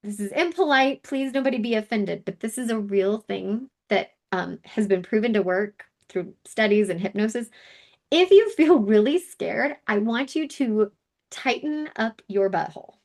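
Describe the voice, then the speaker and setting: A woman leads a casual live session on calming stress, talking to her viewers in a candid, chatty way. She breaks off into asides and fillers as she goes, and her voice sits a little on the high side. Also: normal speed. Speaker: wellness session host.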